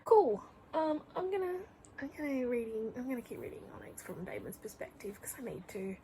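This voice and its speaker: Young woman rambling about books she loves, kinda high voice, half whispers a lot, faint hiss behind. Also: very animated, a little fast, dark tone, rough recording. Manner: gushing, rambling, often drops to a whisper. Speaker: book vlogger. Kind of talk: casual reading vlog chat. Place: home room.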